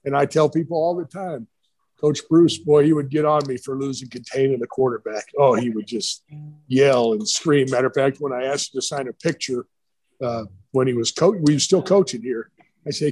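A man's voice: a little high, normal speed, a little mellow, rough recording. A middle-aged man, a retired football coach, telling rambling stories in a casual interview. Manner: rambling, storytelling with quoted voices.

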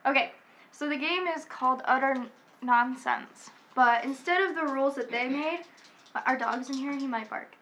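A young woman in casual family chat, explaining game rules haltingly and giggling often. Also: high-pitched, fairly bright tone.

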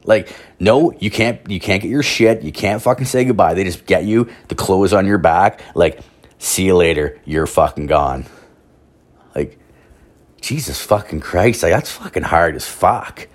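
Low-voiced man in a profane rant. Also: normal speed. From Canada. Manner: rambling, heavy swearing, constant "like" fillers.

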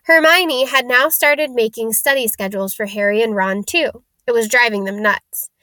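A woman narrating a storybook aloud in a steady, plain reading manner. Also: on the high side, moderate pace, dry recording.

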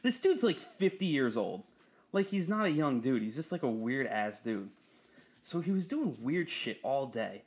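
A man's voice: mid-range voice, unhurried. Profane, storytelling young man. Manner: profane storytelling, laughs often, animated when quoting others. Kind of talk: casual chat.

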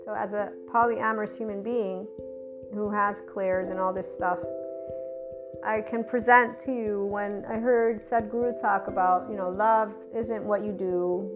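A woman talking casually in an unscripted spoken monologue, telling personal stories, acting out both sides of quoted arguments and swearing freely. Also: medium pitch. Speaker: spiritual channeler sharing stories.

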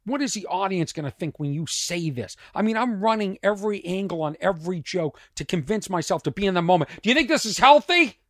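A middle-aged man with a strained voice, a comedian telling a rambling story on his podcast, dropping to mutters and rising loud again. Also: high-pitched, brisk, hardly any pauses, dry recording, studio quality. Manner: animated, swings from muttering to loud. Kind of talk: casual storytelling monologue.

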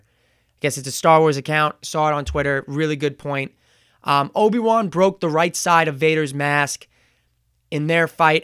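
Here a show reviewer walks through scenes in a laid-back recap, tripping on words, self-correcting and saying "um" to fill pauses. His voice is smooth and fairly high, captured close and dry without any echo or room around it.

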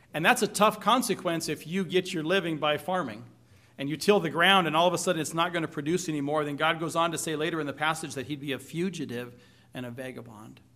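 A man's voice: on the high side, pushed and bright. A man preaching a sermon, reading scripture aloud and asking the congregation questions with light humor. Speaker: pastor.

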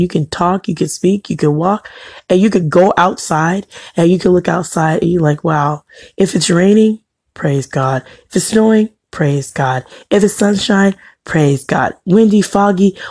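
Woman, faith-based motivational speaker: husky, gravelly, earnest and emphatic, dry close sound. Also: deep voice, a little mellow, dry recording. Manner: earnest, preaching encouragement with emphatic repetition. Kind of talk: inspirational devotional talk.

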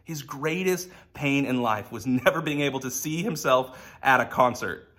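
A pastor with a bright, forceful mid-range voice gives a conversational sermon at a normal pace. He tells personal stories in a casual, anecdotal way.

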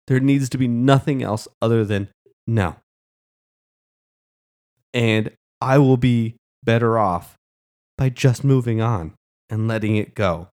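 A man's voice: medium pitch, a little mellow. A man co-hosting a podcast, talking in an earnest, impassioned way in casual chat. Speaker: podcast co-host.

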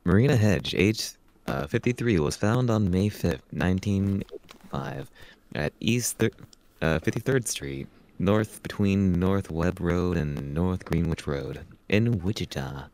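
Lower-voiced man reading podcast notes. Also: lively intonation, unhurried, a little mellow. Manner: plain reading with "uh" fillers. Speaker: podcast co-host.

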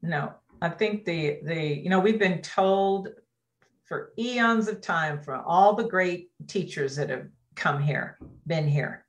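Slow, low-voiced thoughtful woman. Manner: reflective, unhurried, short agreeing replies. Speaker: co-host. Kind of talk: casual chat.

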